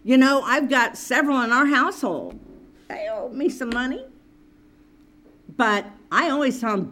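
A woman's voice: on the high side, very animated, unhurried, fairly bright tone. A woman preaching a sermon, earnestly reading and explaining scripture to her listeners.

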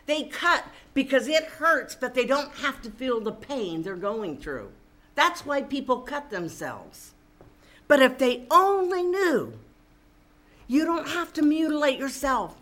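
A woman's voice: sits high, sing-song, slow pace, a bit bright. A woman preaching a sermon, reading scripture aloud and commenting with rising emphasis.

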